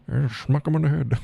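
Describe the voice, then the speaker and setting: Man, very low husky voice, lively swings in pitch, rambling live-stream chat, laughs a lot. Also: dull audio. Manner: rambling, laughs often, reads and answers chat. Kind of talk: casual chat to viewers.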